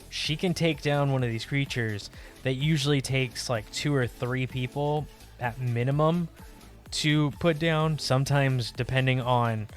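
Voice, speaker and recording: A young man chatting casually on a live art stream, rambling warmly about a character and greeting viewers by name. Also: mid-range voice. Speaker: livestream artist.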